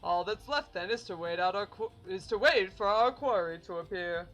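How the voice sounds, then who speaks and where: A woman voicing a dashing young male spy, reading his lines in a lower, dry and measured voice. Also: fairly bright tone, faint music behind, close to an everyday voice. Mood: wry. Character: dashing suave young man, wry spy.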